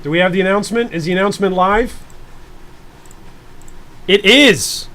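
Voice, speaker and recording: A man in his thirties hosts a live stream with a high, bright-sounding voice. He talks in a playful, joking way, keeping up chatter with his viewers. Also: moderate pace, a little hiss or hum. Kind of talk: live-stream reaction chat.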